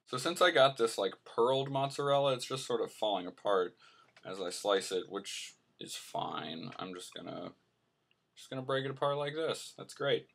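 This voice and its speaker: A man's voice: medium pitch, lively intonation, normal speed, gravelly, a bit bright. A man hosting a casual cooking vlog, joking and telling playful mock-serious tall tales as he cooks in a home kitchen. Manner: hums to himself while cooking. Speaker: host.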